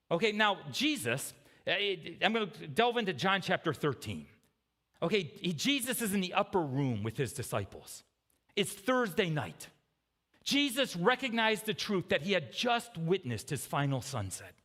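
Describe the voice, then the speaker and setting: A man preaching a sermon in a conversational way, checking in with the congregation with quick "okay?" and "right?" asides. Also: high-pitched, a bit bright, long reverb tail. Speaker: pastor. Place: church sanctuary.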